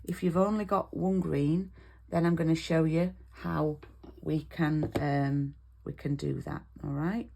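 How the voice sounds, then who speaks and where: A woman's voice: deep voice, fairly even intonation, unhurried, gravelly, warm tone, a little hiss or hum. A British woman demonstrating card making in an online class, chatty and step by step, checking in with "okay?" as she goes.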